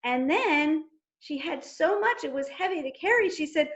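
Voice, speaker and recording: A woman telling a story at a storytime for toddlers, gently coaxing the children to join in. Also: sits high, animated, normal speed, muffled recording.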